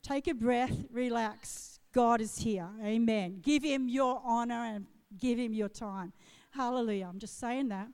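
A woman's voice: a little high, unhurried, a little mellow, clean tone. A middle-aged woman pastor preaching a sermon with impassioned, swelling declarations. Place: church auditorium. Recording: long hall reverb.

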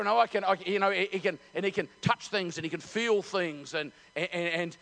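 A middle-aged preacher with a very high voice for a man. He tells the story with many stops and restarts and acts out the voices. His sermon builds into loud, desperate shouts. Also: normal speed, vocal fry. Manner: animated storytelling, acting out voices. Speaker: pastor.

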